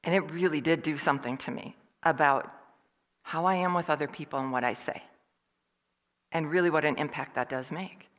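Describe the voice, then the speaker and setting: An older woman telling personal stories as a motivational speaker, animated and acting out the voices of the people she quotes. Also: deep voice, normal speed. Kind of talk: storytelling talk. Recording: long hall reverb.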